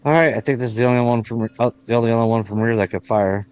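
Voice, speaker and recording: A man playing a tabletop wargame, checking out loud which ships can still fire. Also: medium pitch, fairly even intonation, very fast, clear, resonant tone. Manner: checks rules out loud, restarts phrases. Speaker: player. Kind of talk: casual tabletop game chat.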